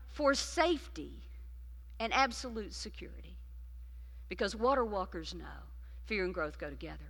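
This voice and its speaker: Bright-voiced woman preaching in a hall. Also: mid-range voice, lively intonation, normal speed. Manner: dynamic, shifts between loud emphasis and hushed intimacy. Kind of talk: sermon. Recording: long reverb of a large hall.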